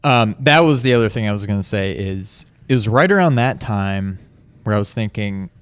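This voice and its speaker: A man's voice: fairly low pitch, animated, normal speed, smooth, no echo. A man co-hosting a podcast, musing in an easygoing, reflective way in casual chat. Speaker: video game podcast co-host.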